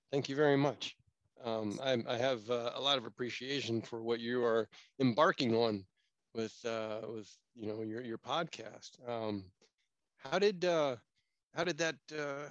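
A man's voice: medium pitch, normal speed, dry recording, lo-fi sound. A man co-hosting a casual podcast on a small headset mic, talkative and opinionated, often jumping in. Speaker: podcast co-host, street artist.

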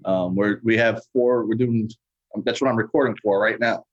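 This is a musician guest from New York, talking from his home studio over a call. His voice is fairly low, and the sound is dry and a bit dull and lo-fi. He rambles easily, filling nearly every pause with "you know" and "um". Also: steady tone, no echo. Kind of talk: casual interview chat.

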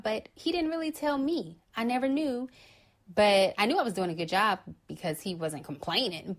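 A young adult woman hosting her own podcast, talking casually and calmly to listeners and acting out little quoted lines. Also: mid-range voice. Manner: calm, chatty, acts out quoted lines. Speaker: podcast host. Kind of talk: casual solo talk.

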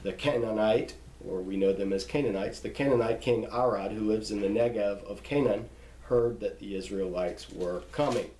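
A man's voice: lowish voice, dark tone, reverberant, a little hiss or hum, rough recording. A man reading a list of scripture names aloud and stopping to explain how to pronounce them, in a teaching tone. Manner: reads name lists slowly, pausing to spell out pronunciations.

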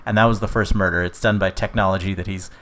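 A man's voice: sits low, steady tone, fast, fairly bright tone. A young man co-hosting a podcast, telling a rambling, jokey story in casual chat and laughing often. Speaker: podcast co-host.

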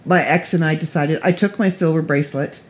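A woman's voice: deep voice, fairly quick. Middle-aged woman, casual vlog storyteller, chatty and rambling, restarts often.

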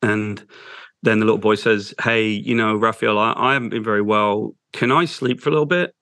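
A man speaks as an interview guest, his voice sitting a little low and recorded dry and close. He tells a moving story slowly and haltingly, with soft restarts. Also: steady tone, dry recording.

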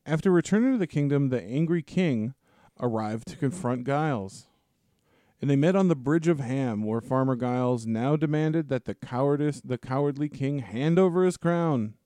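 A man on a casual podcast, briskly recapping story events between quick agreements. His voice has a middling pitch and a mellow, warm tone. The recording is dry and close. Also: dry recording. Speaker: podcast co-host. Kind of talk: casual discussion with plot recap.

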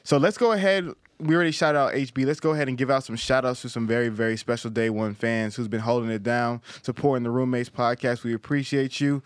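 A young man co-hosting a podcast, energetic and upbeat, giving shout-outs. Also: mid-range voice, quick pace, hardly any pauses, clean tone, no room sound. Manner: energetic hype banter, gives shout-outs. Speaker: podcast co-host. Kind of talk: casual chat.

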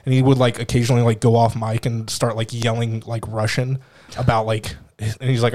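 A man's voice: medium pitch, little pitch movement, a little fast, darkish tone. A man telling a funny story in a casual chat, often breaking into laughter.

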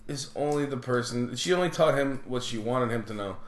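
A man's voice: mid-range voice, a little fast, a little hiss or hum. A man co-hosting a podcast, telling family stories in casual chat, swearing freely and laughing often. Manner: profane, laughing, mimics relatives in quoted voices. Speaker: podcast co-host. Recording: echoey room.

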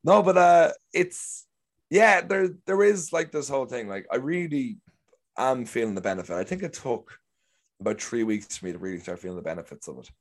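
The guest actor, a young man from Ireland, tells rambling stories in a casual chat, voicing other people's lines. He speaks mid-range, expressively, and fairly quickly.

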